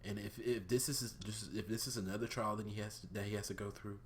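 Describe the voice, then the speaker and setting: A young man hosting his own vlog, giving a casual, profane review of a cartoon episode, swinging between loud outbursts and subdued talk. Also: on the low side, steady tone, brisk, hardly any pauses, background noise.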